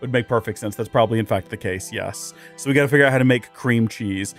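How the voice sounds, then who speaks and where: A man's voice: medium pitch, big pitch swings, fairly quick, hardly any pauses. A man doing casual let's play commentary as a streamer, chatty and rambling with jokes, faint game music behind.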